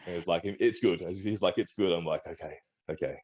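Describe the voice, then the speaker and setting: A low-pitched, darkish male voice speaks briskly with fairly even intonation, heard through dull audio. He's an Australian guest, a strongman and personal trainer, casually rambling through a story in an interview, restarting often and acting out the quoted doctors.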